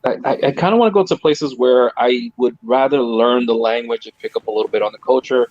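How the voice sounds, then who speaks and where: Spanish-speaking man, animated and casual. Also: medium pitch, fairly quick. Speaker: podcast host. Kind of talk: casual chat. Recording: dull lo-fi sound.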